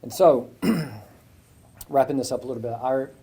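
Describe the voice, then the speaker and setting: A man's voice: medium pitch, measured pace, gravelly, dark tone, husky. A man giving an inspirational speech with a faith message at a breakfast event, telling a story in a conversational way. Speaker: guest speaker at a business breakfast.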